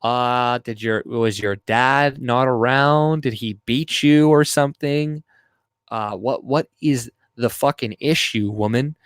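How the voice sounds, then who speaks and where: A man's voice: mid-range voice, takes it slowly, dry recording. A man hosting a livestream, reading chat aloud and ranting in a crude, rambling, profane way.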